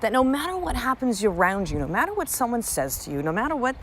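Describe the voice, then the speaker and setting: A woman's voice: a little high, sing-song, fast talker, a bit bright, a little hiss or hum. A woman in her thirties hosting a solo podcast in a casual monologue, blunt and profane, telling stories with lots of animation. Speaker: podcast host.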